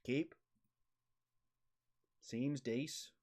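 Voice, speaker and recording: A man streaming a card game, muttering commentary to himself with sudden excited outbursts. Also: mid-range voice, drawn-out words. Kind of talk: casual gameplay commentary.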